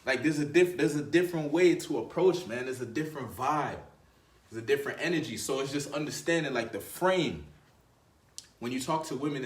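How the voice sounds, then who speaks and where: A man's voice: mid-range voice, roomy sound. A man talking as a dating coach in a casual, emphatic, slangy manner, often repeating and restarting phrases. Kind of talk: casual motivational talk to camera.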